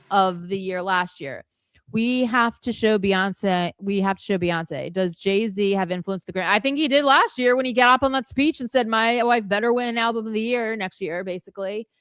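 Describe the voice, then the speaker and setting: A woman's voice: mid-range voice, moderate pace, clear, resonant tone, no echo. A woman co-hosting a casual livestream chat, rambling and emphatic, full of fillers and restarts, swearing casually. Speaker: podcast co-host.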